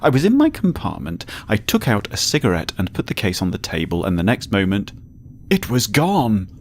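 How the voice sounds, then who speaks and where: A man voicing an agitated, fussy young gentleman on a train, huffy and indignant. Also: low voice, wildly swooping pitch, a little fast, a little hiss or hum, exaggerated voice. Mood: fretful.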